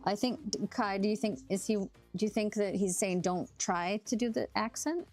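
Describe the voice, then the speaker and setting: A woman's voice: medium pitch, moderate pace, darkish tone, faint music behind. A young woman from Canada hosting a sewing livestream, chatting casually with viewers and laughing often as she thinks aloud. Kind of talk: casual chat while sewing, reading viewer comments.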